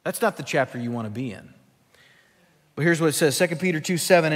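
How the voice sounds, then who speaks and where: A man's voice: on the high side, lively intonation, brisk, fairly bright tone, big-room sound. A male pastor preaching a sermon in a church sanctuary, teaching from scripture with emphatic delivery.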